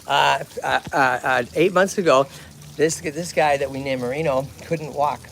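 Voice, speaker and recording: Chatty massachusetts guy on a livestream outside, fairly high voice, keeps going "okay? right?". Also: steady tone, moderate pace, gravelly, slight background noise. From Lowell, Massachusetts. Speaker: tortoise rescue host. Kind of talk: livestream chat. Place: outdoors at a tortoise pond.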